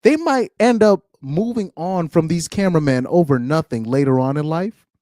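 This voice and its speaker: A man's voice: a little high, normal speed, mellow, dry recording, clean studio sound. A man giving blunt, ranting reaction commentary, laughing often between points. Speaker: commentary streamer.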